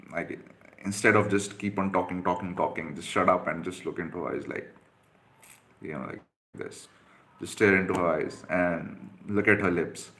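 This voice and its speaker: A man's voice: deep voice, fairly bright tone. A man coaching on dating, answering viewer questions one by one in a direct, instructive way with frequent fillers.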